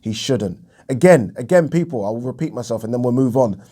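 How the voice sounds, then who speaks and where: A man's voice: medium pitch, animated, fairly quick, dark tone, breathy edge. A man giving a heated solo commentary on boxing, repeating himself for emphasis and swearing freely. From England. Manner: indignant, repetitive, emphatic, swears. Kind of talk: opinion vlog rant.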